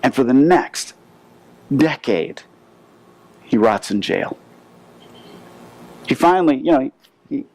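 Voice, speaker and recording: A male pastor preaching a sermon, telling a story with lively asides and frequent word restarts. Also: medium pitch, no room sound, low-quality recording.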